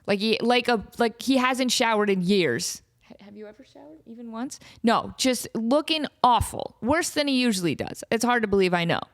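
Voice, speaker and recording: A woman host chatting on her own podcast in a bright, higher register. Her pitch swings widely as she tells animated, jokey stories and slips into playful impressions. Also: moderate pace, no room sound, studio quality. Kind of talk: casual solo podcast chat.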